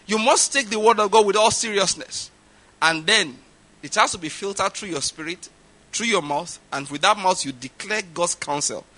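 A middle-aged Nigerian-accented man preaching with a raised, ringing voice. His tone is sharp and bright, and he drives his points home by repeating them. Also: sits high, animated, normal speed. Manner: emphatic, repeats points for stress. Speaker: pastor. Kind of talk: sermon.

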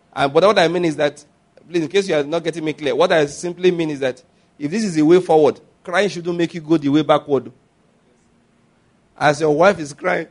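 Animated high-voiced pastor. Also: male voice. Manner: animated, laughing, mimics others in high voices. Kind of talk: sermon.

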